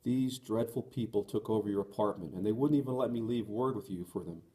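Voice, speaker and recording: A man reading the part of a young woman who is tender and resolute, in an earnest, gentle voice. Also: fairly low pitch, fairly quick, lightly acted. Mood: joyful.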